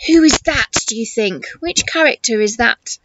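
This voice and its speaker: A teacher reading a picture book aloud to children in an animated way, gasping and asking questions. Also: female voice, a little high, dry recording. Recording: muffled recording with hiss.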